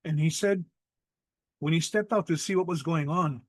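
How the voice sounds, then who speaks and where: A middle-aged man with a Hawaiian accent, telling a traditional ghost story in lively spoken style, mixing in Hawaiian words and acting out voices. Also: fairly high pitch, moderate pace, no room sound. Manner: animated, acts out quoted voices, mixes in Hawaiian words. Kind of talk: oral storytelling.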